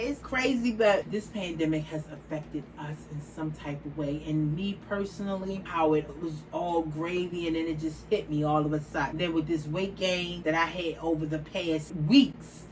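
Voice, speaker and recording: A woman's voice: mid-range voice, a little hiss or hum, rough recording. A woman in her forties talking casually to camera, outspoken and emphatic, repeating phrases for stress. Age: 40s. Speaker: vlogger.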